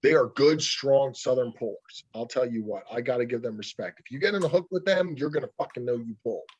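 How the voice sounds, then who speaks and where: A man's voice: mid-range voice, expressive, brisk, darkish tone, breathy edge, dry recording, highs cut off. A man who is an arm wrestler being interviewed, talking bluntly and swearing a lot, ranting in a heated way. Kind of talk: casual interview over a call.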